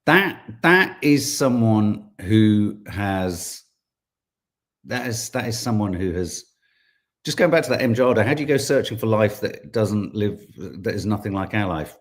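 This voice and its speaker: British guy hosting a podcast, chats wry and riled up, pitch all over the place. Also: animated, measured pace. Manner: chatty, wry, gets worked up, frequent fillers. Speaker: podcast host. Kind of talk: casual chat reading viewer comments.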